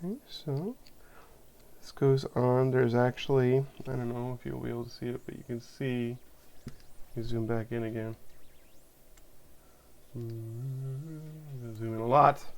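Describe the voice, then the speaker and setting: Gravelly man talking through a repair. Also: medium pitch, flat delivery, a little slow, long pauses. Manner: chatty, thinks aloud while working. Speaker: repair video host. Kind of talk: casual hands-on repair walkthrough.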